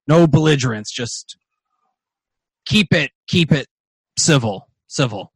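A man voicing a weary male bartender trying to calm a rowdy crowd, repeating himself. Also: medium pitch, slow pace, husky, no room sound, full character voice, poor audio. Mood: placating.

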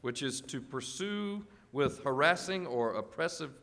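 A man's voice: a little high, unhurried. A man reading scripture passages aloud in a church service. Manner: steady reading, with affirming interjections. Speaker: scripture reader.

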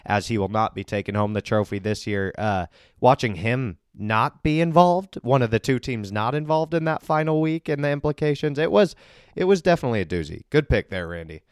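A man's voice: medium pitch, lively intonation, brisk, clean tone, dry recording, studio quality. A man hosting a casual podcast, joking and teasing his guests and laughing often. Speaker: podcast host and league commissioner.

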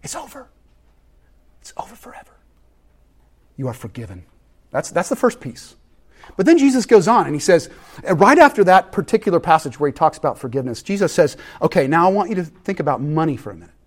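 A man preaching a sermon, swinging between joking, conversational asides and hushed, intense passages. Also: a little high, fast. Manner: animated preaching with sudden loud peaks and hushed drops. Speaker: pastor.

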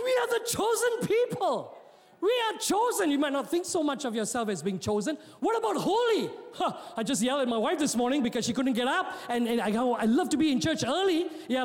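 A man preaching a sermon in a church, joking with the congregation and often repeating his words. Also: very high-pitched. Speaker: pastor. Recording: long hall reverb.

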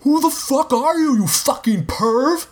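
A man voicing an angry, crude young man who shouts and curses. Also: very high-pitched, expressive, measured pace, voice pushed up. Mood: furious. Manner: shouting, cursing.

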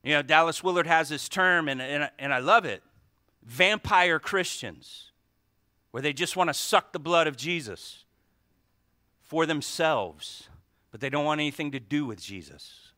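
A man preaching as pastor, swinging from hushed pleading to shouted intensity as he calls out to God. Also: a little high, expressive, unhurried, no echo, clean studio sound. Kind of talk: sermon.

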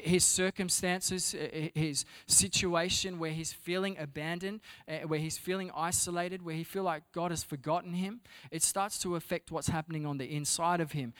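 A man preaches to his church in a voice pitched a little above the usual. He stumbles and repeats words between points, then climbs to loud, stressed readings. Sermon delivery. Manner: repeats words while searching, builds to loud emphatic reading. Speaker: pastor. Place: church hall before a congregation.

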